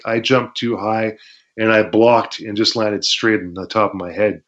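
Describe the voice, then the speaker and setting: Man with a low voice, animated storyteller who acts out shouts and crowd roars, muffled lo-fi recording. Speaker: guest, former pro wrestler. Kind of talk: storytelling interview. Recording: dull lo-fi sound.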